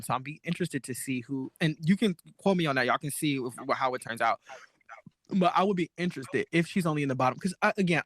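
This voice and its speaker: A man co-hosting a casual chat show about drag, talking animatedly and sometimes mimicking lines in a high voice. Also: fairly bright tone, no room sound. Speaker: podcast co-host.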